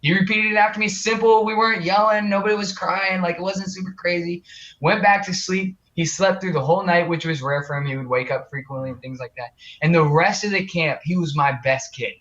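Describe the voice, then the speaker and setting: A young man, a guest on an interview show, telling a story in an earnest, animated way with many fillers and restarts. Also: high voice, a little fast. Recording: muffled lo-fi audio.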